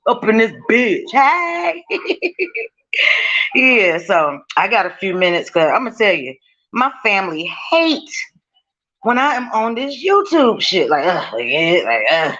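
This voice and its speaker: Cooking in her home kitchen while she livestreams, a woman talks bluntly to her chat, cursing freely and laughing a lot. Her voice is fairly low, very lively, a touch slow and slightly bright. The sound is lo-fi.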